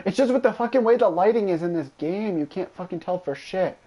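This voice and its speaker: The audio is dull, and the man's high voice runs a little fast. Streaming a video game, he chats casually and needles a friend with a stream of swearing, giving profane, excitable gameplay commentary.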